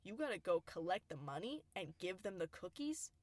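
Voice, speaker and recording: A woman's voice: on the low side, big pitch swings, moderate pace, dry recording. A young woman, co-hosting a podcast, telling a story in a chatty way and laughing often. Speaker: podcast co-host. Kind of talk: casual storytelling chat.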